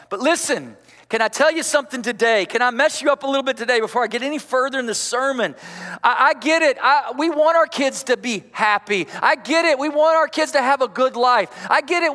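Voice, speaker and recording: High, forceful pastor preaching. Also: male voice, a little fast. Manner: emphatic, coaxing the congregation with call-outs. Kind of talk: energetic sermon. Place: large church sanctuary. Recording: long church-hall reverb.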